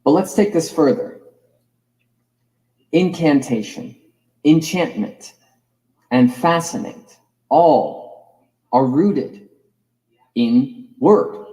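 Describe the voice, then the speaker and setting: A man's voice: fairly high pitch, animated, extremely slow, pauses often, dark tone, rough recording. A man giving a reflective, digressive lecture as a course teacher, musing over the roots of words.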